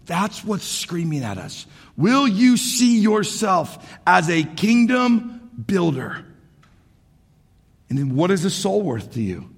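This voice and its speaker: A man in his forties preaching a sermon as pastor, animated, swinging from shouts to hushed asides. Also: sits high, slightly rough. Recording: echoey hall.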